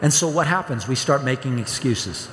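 A man's voice: mid-range voice, expressive, normal speed, fairly bright tone, slight background noise. A man in his fifties preaching a sermon, asking the congregation questions and acting out quoted pleas. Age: 50s. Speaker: pastor. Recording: long hall reverb.

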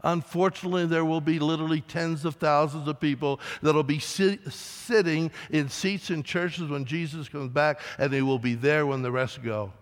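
A man preaching a sermon as pastor, emphatic, with dramatic rises and soft drops. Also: a little high, fairly even intonation, normal speed, few pauses. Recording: long reverb of a large hall.

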